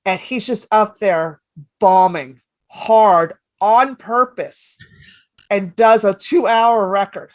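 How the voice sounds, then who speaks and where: A woman comedian guesting on a podcast, telling stories in an animated, rambling, profane way. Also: medium pitch, slow, no echo. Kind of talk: casual podcast storytelling.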